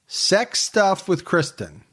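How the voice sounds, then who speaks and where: A man with a somewhat high voice hosts a casual podcast. He chats easily and runs through listener names with quick asides. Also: big pitch swings, a bit bright. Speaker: podcast host. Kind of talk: casual chat.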